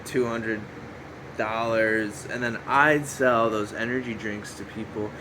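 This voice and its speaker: A man's voice: on the low side, fairly even intonation, slow. A man hosting a solo podcast, rambling and joking at himself, with a fan running in the room. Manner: goofy, joking, self-mocking, breaks into shouty bits. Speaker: podcast host. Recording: faint fan hum behind.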